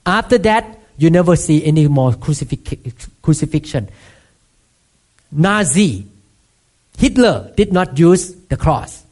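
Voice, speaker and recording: A woman's voice: deep voice, lively intonation, takes it slowly, darkish tone. A middle-aged woman from Thailand with a Thai accent, preaching a sermon emphatically and asking the congregation frequent questions. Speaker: pastor.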